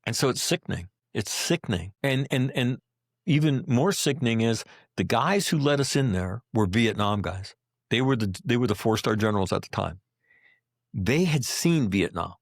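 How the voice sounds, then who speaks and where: Gravelly, blunt-talking middle-aged man. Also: mid-range voice, lively intonation, normal speed, dry recording, studio quality. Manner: blunt, profane and impassioned. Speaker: guest, combat veteran. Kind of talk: podcast interview.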